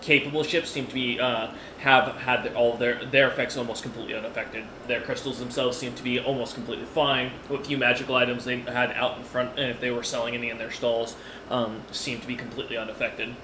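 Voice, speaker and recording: A man's voice: medium pitch, level tone, brisk, reverberant, background noise. A man narrating as game master of a tabletop game, rambling with many fillers and restarts.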